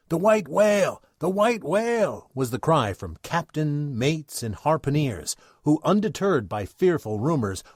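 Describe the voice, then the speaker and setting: Theatrical male storyteller, lively pitch. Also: dry recording, studio quality. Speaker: narrator. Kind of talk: dramatic old-time radio narration.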